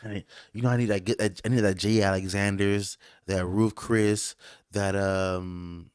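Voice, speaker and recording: A man's voice: on the low side, little pitch movement, measured pace, clean tone, dry recording, clean studio sound. A man hosting a casual podcast, joking and boasting in slangy talk. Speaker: host.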